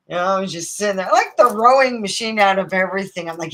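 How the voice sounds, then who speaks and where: A woman's voice: mid-range voice, animated, quick pace, few pauses, a bit bright, poor audio. A woman from Nevada hosting a livestream, rambling casually, digressing, swearing freely and acting out quoted voices. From Nevada, USA. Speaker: livestream host.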